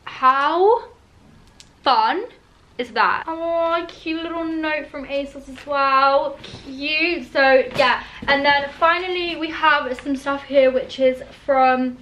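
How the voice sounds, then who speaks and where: A young woman chats into her camera at home, her voice sitting high. She gushes over each item, peppering her speech with "like" and "oh my god.". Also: fairly even intonation, takes it slowly, fairly bright tone, a little hiss or hum. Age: young adult. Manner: gushing, full of "like" and "oh my god". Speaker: vlogger. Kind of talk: casual unboxing vlog. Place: at home indoors. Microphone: handheld camera.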